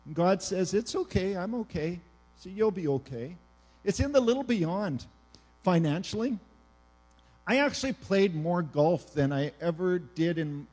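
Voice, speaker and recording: This middle-aged Canadian pastor preaches an animated sermon in a somewhat high voice, swinging between loud emphasis and hushed quiet.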